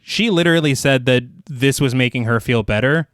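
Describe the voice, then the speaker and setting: A man's voice: mid-range voice, fairly quick, fairly bright tone, smooth, dry recording, studio quality. A man co-hosting a horror podcast, giving blunt, exasperated takes on a character and swearing freely. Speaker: podcast co-host. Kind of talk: casual chat.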